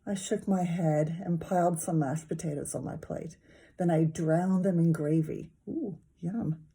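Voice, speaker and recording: Female teacher narrating a kids' book, expressive, low and breathy. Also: normal speed. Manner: lively, expressive storytelling. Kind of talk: reading a children's novel aloud.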